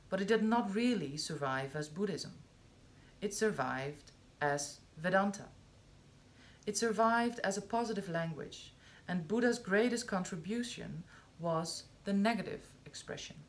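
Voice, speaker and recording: A woman reading a spiritual discourse aloud, slow and measured, with long pauses between phrases. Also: mid-range voice. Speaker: reader of spiritual texts.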